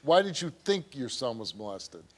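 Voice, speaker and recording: A man's voice: medium pitch, sing-song, normal speed. A man hosting a talk show, asking a guest direct, probing questions.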